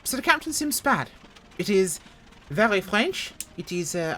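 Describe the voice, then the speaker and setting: A woman's voice: mid-range voice, very animated, a little slow, few pauses, fairly bright tone, a little hiss or hum. A woman at home giving casual, joking, self-mocking commentary as she reviews a flight sim.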